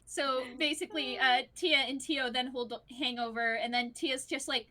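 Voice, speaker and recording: A woman's voice: high voice, steady tone, moderate pace, sharp tone. A woman running a tabletop game as game master, chatty and full of fillers, narrating scenes and acting out sounds.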